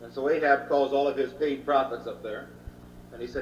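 A man's voice: medium pitch, fairly even intonation, a little fast. Man lecturing on scripture in a roomy hall. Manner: plain storytelling, retelling scripture in everyday speech with frequent uh. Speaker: Bible teacher. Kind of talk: Bible lecture. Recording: roomy, distant, dull old hall recording with faint hum.

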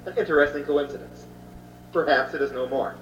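A man with a slightly raised voice teaches scripture in a loose, storytelling way, full of pauses and filler sounds. He sits far from the microphone in a roomy hall. The recording is dull and carries a faint hum. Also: fairly high pitch. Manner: plain storytelling, retelling scripture in everyday speech with frequent uh. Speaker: Bible teacher. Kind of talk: Bible lecture.

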